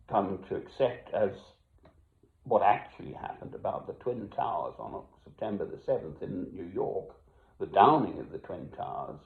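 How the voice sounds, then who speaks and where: Older man, low gravelly voice, rambling and musing to camera, recorded tinny. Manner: musing, wandering, swings between loud and hushed. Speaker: self-made video speaker. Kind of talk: rambling personal monologue. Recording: echoey room, tinny phone-like sound.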